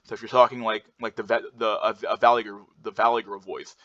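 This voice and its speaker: A man's voice: lowish voice, level tone, a little fast, a bit bright. A man presenting slides in a casual lecture, rambling with many fillers and restarts and blunt swearing. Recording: dull lo-fi recording.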